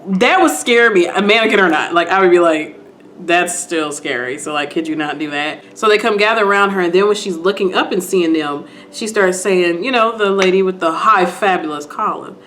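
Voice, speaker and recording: A woman vlogger retelling a TV episode to her viewers in a casual, animated way while doing her makeup. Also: on the low side, a little fast, slight background noise. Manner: animated, talks to viewers, acts out scenes.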